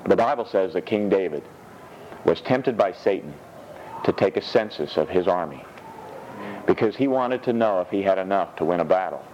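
A man preaching a sermon in a church, reading scripture with animated, rising delivery. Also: normal speed, lo-fi sound, a little hiss or hum. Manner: animated, rises high when reading scripture.

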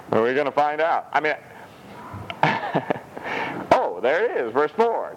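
Male pastor, lively sermon, chuckles a lot, slow and dull lo-fi sound. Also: slight background noise. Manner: animated, laughing often, high-pitched mock voices for scripture quotes.

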